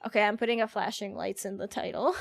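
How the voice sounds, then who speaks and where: A woman's voice: mid-range voice, fairly even intonation, quick pace, vocal fry, no echo, studio quality. A woman streamer giving casual, playful asides while reading a game aloud. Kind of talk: casual gaming commentary.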